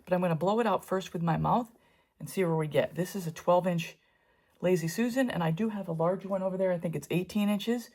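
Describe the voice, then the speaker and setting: This middle-aged woman's voice is fairly low, brisk, and mellow as she teaches fluid art painting. She narrates the tutorial in a chatty, rambling style, tossing in asides as she works.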